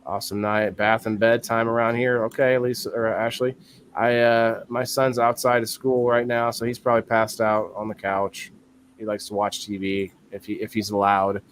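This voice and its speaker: A man's voice: lowish voice, level tone, normal speed, slight background noise. A man in his thirties hosting a live-stream talk show in casual chat, rambling and thinking aloud with easy laughs.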